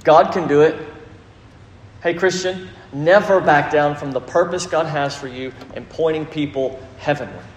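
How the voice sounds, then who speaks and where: A middle-aged man preaching a sermon, telling a story with animated delivery and acted quotes. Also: fairly high pitch, moderate pace. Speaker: pastor. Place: large church hall. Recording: echoey hall, faint ambience.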